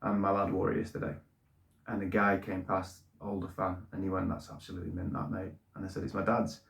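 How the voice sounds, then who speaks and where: Casting middle-aged bloke, lowish voice, plain-spoken fan host, echoey room. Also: male voice, completely flat delivery, a little fast, fairly bright tone. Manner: plain-spoken, repeats words when emotional. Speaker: football fan channel host. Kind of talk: casual opinion monologue.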